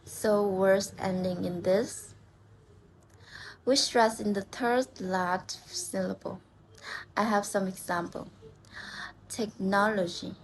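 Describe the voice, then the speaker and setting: A woman's voice: medium pitch, takes it slowly, long pauses, low-quality recording. A young woman student giving a class presentation on word stress, saying each example word twice.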